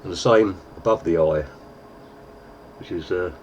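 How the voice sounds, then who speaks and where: Deep-voiced man explaining makeup. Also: unhurried, slight background noise. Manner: relaxed, chatty, with fillers. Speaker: lookalike performer giving a tutorial. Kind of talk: casual makeup tutorial.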